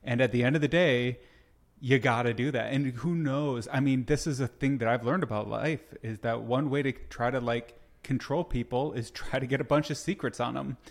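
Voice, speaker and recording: A man's voice: medium pitch, normal speed. A man co-hosting a casual podcast conversation, thinking aloud and laying out his theories in a reflective way. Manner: reflective, theorizing, frequent short agreements. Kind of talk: casual political chat.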